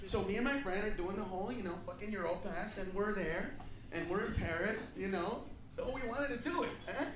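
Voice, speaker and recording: A man doing a brash, profane stand-up comedy set, acting out characters with shouted voices, in a club with a laughing audience. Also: high voice, fairly quick, a crowd in the background. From United States. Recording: echoey live club recording from a distance.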